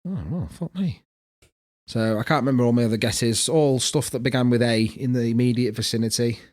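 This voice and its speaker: A man's voice: mid-range voice, fairly quick, darkish tone. A man co-hosting a podcast, telling family stories with plenty of swearing and laughter. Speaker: podcast co-host. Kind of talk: casual banter, storytelling.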